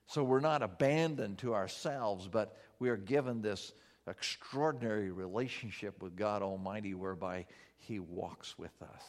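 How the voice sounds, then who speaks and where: Earnest male pastor preaching. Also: lowish voice. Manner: earnest preaching, slows for emphasis, drops soft in prayer. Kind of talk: sermon.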